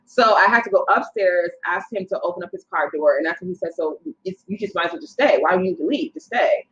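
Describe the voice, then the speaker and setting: A young woman casually telling a long personal story as a podcast guest, animated and acting out what people said. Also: on the low side. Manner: animated, quotes people in her story, quick asides. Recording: slightly dull lo-fi sound.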